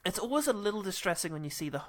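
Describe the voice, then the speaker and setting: A man co-hosting a casual film-review podcast, animated and giggly, often laughing between thoughts. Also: high voice, very fast. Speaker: podcast co-host.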